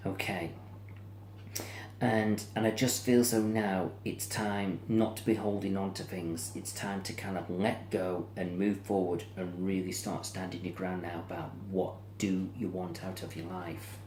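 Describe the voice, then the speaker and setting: Deep-voiced man as card reader, soothing and repetitive, a little weary, echoey room with faint background hum. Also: flat delivery, a little slow, a little mellow. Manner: soothing, repetitive, yawning and tired. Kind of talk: tarot-style reading to camera.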